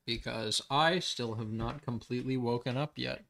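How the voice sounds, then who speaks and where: A man's voice: medium pitch, normal speed, creaky, fairly bright tone. A man playing a tabletop game, talking in a dry, sarcastic way. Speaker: player. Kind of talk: casual tabletop game chat.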